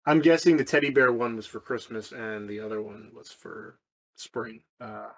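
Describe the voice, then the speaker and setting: A man's voice: medium pitch, normal speed. Casual man on a podcast, far from mic. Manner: offhand, thinks aloud with restarts and swearing. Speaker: podcast co-host. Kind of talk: casual chat. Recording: far from the mic, roomy echo.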